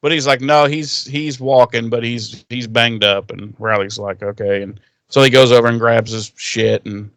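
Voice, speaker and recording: A podcast co-host recounts a TV episode in a loose recap chat, cursing heavily and acting out characters' quotes. He speaks at medium pitch and normal speed. There's no room sound on the recording.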